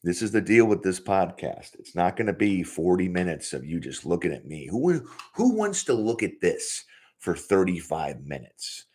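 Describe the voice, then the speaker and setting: Low-voiced man rambling in a podcast. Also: big pitch swings, moderate pace, a little mellow, husky. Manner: rambling, profane, laughs often. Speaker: podcast host. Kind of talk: casual solo podcast. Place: home office.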